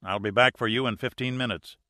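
A man voicing a calm male rescue diver who answers with dry understatement, read as an audiobook character. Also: medium pitch, a little fast, dry recording, natural voice. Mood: instructive.

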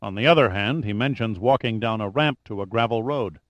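A man's voice: lowish voice, a little fast, fairly bright tone, no room sound, natural voice. A man reading an audiobook, voicing a wry, bantering male sidekick.

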